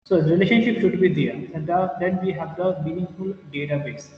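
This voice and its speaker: High-voiced man lecturing in echoey room. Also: steady tone. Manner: explains slowly with repetitions and fillers. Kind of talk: classroom lecture. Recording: echoey room, distant mic, muffled.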